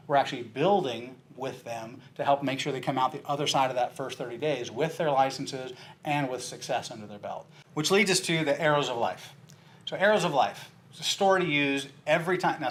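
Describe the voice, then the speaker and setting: A man giving a sales training talk, telling a story and acting out its characters' lines with lively shifts in his voice. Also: mid-range voice. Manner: animated storyteller, acts out dialogue with big jumps in voice.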